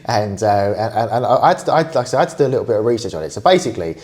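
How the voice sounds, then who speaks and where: A man's voice: fairly low pitch, lively intonation, racing, darkish tone. A man with an English accent, co-hosting a podcast in casual chat, rambling with many restarts and fillers and swearing freely. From England. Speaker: podcast co-host.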